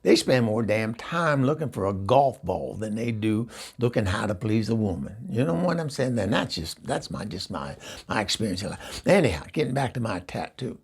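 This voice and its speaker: Man doing gravelly gossipy old gal Eunice. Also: lowish voice, animated, moderate pace, hardly any pauses, exaggerated voice. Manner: rambling, gossipy storytelling with stammered restarts. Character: bawdy chatty middle-aged woman named Eunice. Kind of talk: comedy character monologue.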